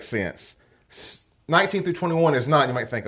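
A man's voice: a little high, lively intonation, moderate pace, a bit bright. A man teaching through a Bible passage to a class, reading verses aloud and often checking in with listeners by asking "okay?" or "right?". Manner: reads scripture passages aloud.

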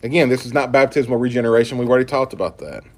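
A man's voice: medium pitch, racing. A man preaching a sermon and reading scripture aloud in an emphatic style. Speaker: pastor.

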